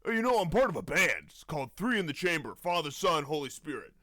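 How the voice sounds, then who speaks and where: A man voicing an excitable male stranger who claims a divine mission, talking in a loud, eager, rambling way. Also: a little high, fast, dry recording, clean studio sound.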